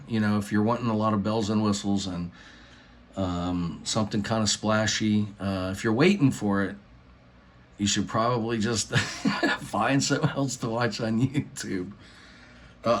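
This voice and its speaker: A middle-aged man vlogging casually into his phone, rambling with many fillers and restarts, earnest and laughing between phrases. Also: on the low side. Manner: meandering, lots of fillers and restarts. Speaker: YouTuber.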